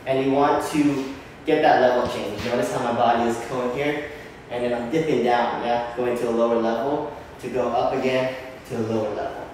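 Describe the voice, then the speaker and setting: A man's voice: medium pitch, steady tone, normal speed, darkish tone, slight background noise. A young man teaching an online dance class, counting steps and ending lines with a casual "yeah?". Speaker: dance instructor. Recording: echoey room from far off.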